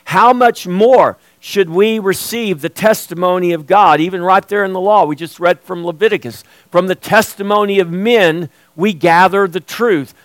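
A man's voice: sits high, normal speed, hardly any pauses, no room sound. A man preaching an expository sermon as pastor, earnest and emphatic.

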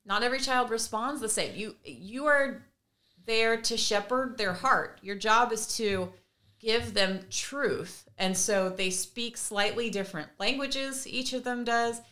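Bright-voiced woman on a podcast telling a story, acting out what everyone said. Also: fairly high pitch, unhurried. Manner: animated, acts out remembered conversations with laughs. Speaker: podcast co-host and mother. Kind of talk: casual storytelling chat.

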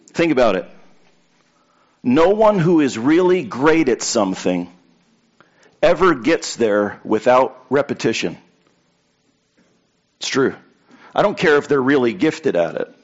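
A man's voice: mid-range voice, very animated, measured pace, pauses often. Man, pastor, conversational sermon, mid-range voice, slightly dull recording. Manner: repetitive, conversational preaching with anecdotes.

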